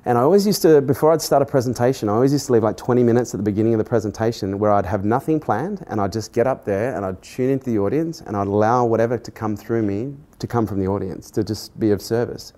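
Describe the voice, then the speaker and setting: A middle-aged man, a podcast host earnestly telling a personal story in conversation and growing animated as he recounts it. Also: fairly low pitch, fast talker, few pauses. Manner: earnest, animated when retelling dialogue, laughs at himself.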